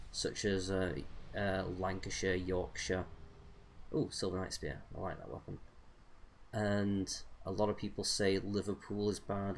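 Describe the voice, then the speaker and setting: A young man with an English accent chats loosely while he plays, wandering between thoughts with plenty of ums and uhs. His voice sits low and deep. A faint background hiss runs under the recording. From England. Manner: rambling, hesitant, many fillers. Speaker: gaming streamer. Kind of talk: casual chat while playing a game.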